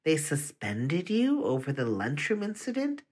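Earnest older woman teacher who urges a student on, in a storybook reading, read by the narrator; middle pitch, close to plain. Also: huge pitch swings, measured pace, a little mellow, husky, heavily acted. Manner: earnest, encouraging. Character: caring older female schoolteacher.

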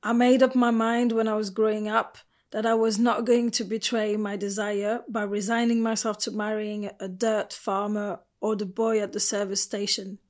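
A woman's voice: medium pitch, level tone, moderate pace, lightly acted. Woman narrator doing a passionate young woman, emotional and emphatic, audiobook character. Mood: earnest.

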